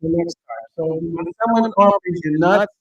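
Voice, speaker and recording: A man's voice: on the high side, normal speed, muffled recording. A man co-hosting a casual livestream, telling crude jokes loosely and laughing at his own punchlines. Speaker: stream co-host.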